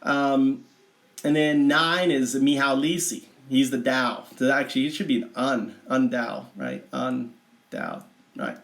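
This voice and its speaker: A man talking through a chart in a digressive, rambling monologue, restarting often and bursting into excitement. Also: mid-range voice, slow pace, creaky, roomy sound. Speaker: vlogger explaining a chart of figures.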